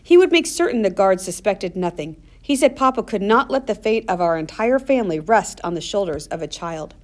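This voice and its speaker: A woman narrating a first-person story in a measured, earnest audiobook reading. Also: mid-range voice, expressive.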